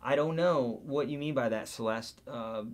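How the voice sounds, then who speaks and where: A man's voice: mid-range voice, moderate pace. A man hosting a live guitar Q&A, chatting casually, reading viewer comments aloud and counting out beats and picking patterns.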